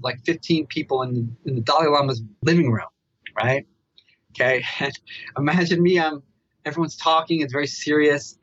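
A man telling a story as a meditation researcher guest in a podcast interview. He talks in an animated way and keeps tagging his asides with "right?". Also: a little high, breathy edge, dry recording, lo-fi sound.

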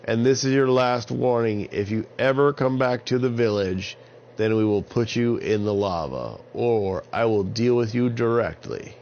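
A bold young hero issuing warnings, voiced by a man reading a kids' story, raised and commanding with a gravelly edge. The recording is a bit dull with faint hiss. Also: medium pitch, a little slow, a little mellow, pitched above the performer's own voice, close to an everyday voice.

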